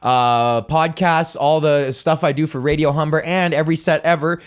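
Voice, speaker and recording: Profane rambling comedian host. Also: male voice, a little high, fairly even intonation, moderate pace, clear, resonant tone. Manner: profane, rambling, laughs at own jokes. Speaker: podcast host. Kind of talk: casual comedy rant.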